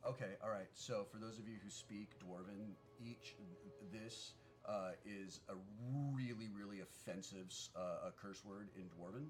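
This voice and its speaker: A man describing his character at a tabletop game, halting and searching for words. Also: fairly low pitch, steady tone, faint music behind. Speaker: player.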